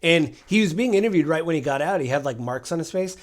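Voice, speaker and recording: A man with a fairly high, animated voice talks quickly as co-host of a casual political podcast, with slight background noise. Retelling incidents, he acts out what people said in each exchange.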